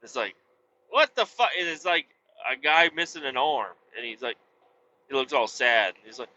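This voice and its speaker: A man vlogging from his truck on the highway, chatting casually in a blunt, rambling way and swearing freely. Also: very animated, normal speed, sharp tone. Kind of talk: casual chat while driving. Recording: dull lo-fi audio with faint road noise.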